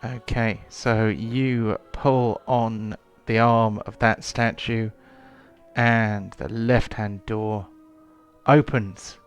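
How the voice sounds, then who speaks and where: A man's voice: lowish voice, little pitch movement, very slow, clear, resonant tone, faint music behind. A man running a tabletop game as game master, hesitant, with many ums and restarts.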